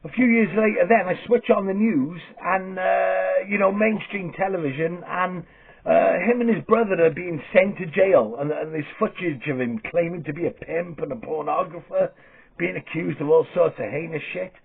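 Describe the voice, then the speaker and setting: A man's voice: high-pitched, normal speed, vocal fry, slightly rough. Exasperated, sweary man ranting. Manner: exasperated, sweary, stammering restarts. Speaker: satirical vlog host. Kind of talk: comic rant. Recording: lo-fi phone-like sound.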